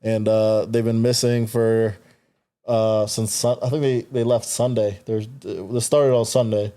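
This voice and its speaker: Chill young guy on a podcast, warm dark voice, laughs a lot, loses his train of thought. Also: on the low side, little pitch movement, measured pace. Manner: laid-back, laughs often, trails off in restarts. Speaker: podcast co-host. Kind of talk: casual chat.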